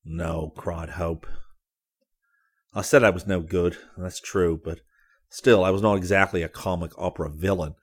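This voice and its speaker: A man reading a first-person story aloud as an audiobook narrator. His voice sits very low, and his delivery is measured and dramatic. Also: steady tone, husky.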